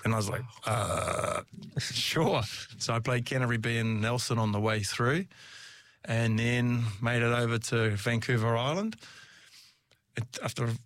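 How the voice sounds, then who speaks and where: A man's voice: medium pitch, fairly even intonation, normal speed, fairly bright tone. A middle-aged man, a former rugby player, chatting as an interview guest, telling stories with frequent laughs and restarts. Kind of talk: casual storytelling.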